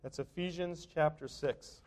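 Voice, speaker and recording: A man's voice: fairly high pitch, steady tone, measured pace, a little mellow. A middle-aged man preaching a sermon in a church, talking in a conversational way with frequent restarts and fillers. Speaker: pastor. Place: church sanctuary.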